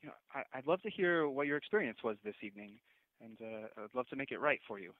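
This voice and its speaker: A man talks fast over a tinny phone line, politely apologizing. He stammers and restarts, sounding flustered. His pitch stays ordinary. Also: animated. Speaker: restaurant service director. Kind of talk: phone call with a customer.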